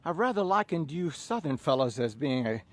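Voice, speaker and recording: A man putting on the high, lofty voice of a snooty upper-crust man in a told story. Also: sing-song, normal speed. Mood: condescending.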